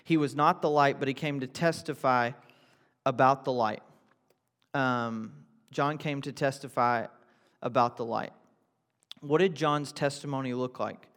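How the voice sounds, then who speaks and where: A man's voice: mid-range voice, unhurried, a bit bright. Man preaching in an echoing hall. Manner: conversational preaching with rhetorical questions, rising to emphatic repetition. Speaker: pastor. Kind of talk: sermon.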